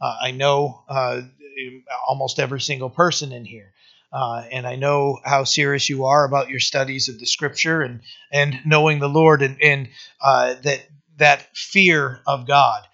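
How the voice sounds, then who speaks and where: Gravelly, bright-voiced male pastor. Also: medium pitch, little pitch movement. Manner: conversational, many fillers, reads verses slowly. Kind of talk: casual verse-by-verse sermon. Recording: dull lo-fi sound.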